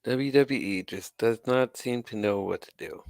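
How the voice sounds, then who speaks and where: A man's voice: medium pitch, moderate pace, gravelly, dry recording, studio quality. A man hosting his own channel, ranting with sarcasm and exasperation and swearing now and then. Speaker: wrestling commentary channel host. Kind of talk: ranting commentary to camera.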